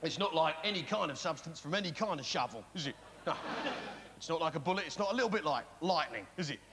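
A man's voice: on the high side, expressive, fast. A man doing a stand-up set, bantering with the audience and firing tag questions in a blustering manner. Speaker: stand-up comedian. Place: large theatre stage. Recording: reverberant theatre, loud crowd noise. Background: loud audience laughter.

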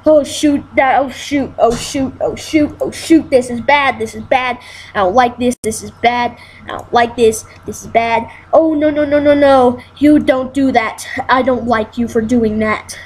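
A woman's voice: fairly high pitch, a little slow, darkish tone, husky, rough recording. A woman giving casual let's-play commentary, frustrated and exclaiming, repeating herself as she plays. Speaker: gameplay commentator.

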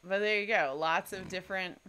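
A woman co-hosting a home shanty video, chatting in a relaxed way and trailing off with fillers. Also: mid-range voice, fairly quick, clean tone. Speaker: co-host of a daily shanty video. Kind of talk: casual chat.

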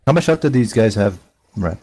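A man's voice: lowish voice, lively intonation, brisk, warm tone, husky. A man playing a tabletop game in casual chat, laid-back and a little hesitant. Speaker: player.

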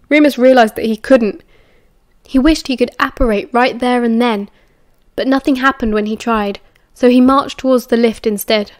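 British woman, steady audiobook narration, higher voice, dry close sound. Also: normal speed, no echo. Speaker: audiobook reader.

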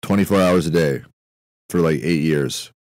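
A young man hosting a podcast, rambling through a comedic monologue in a meandering, deadpan way, often stopping himself mid-thought. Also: extremely low pitch, moderate pace, no echo, studio quality. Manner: meandering, self-interrupting, deadpan musing with frequent fillers. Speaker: podcast host.

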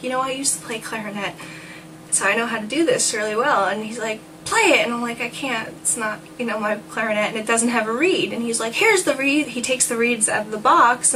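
A woman from New Jersey chatting in a casual storytelling vlog, rambling along and quoting people in little voices. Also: medium pitch. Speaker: vlogger. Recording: distant mic with noticeable background noise.

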